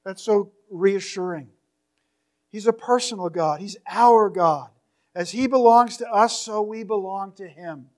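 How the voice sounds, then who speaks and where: A man preaching a sermon in a church, reading scripture slowly and with emphasis, his voice trailing softly at the ends of phrases. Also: high voice. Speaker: pastor.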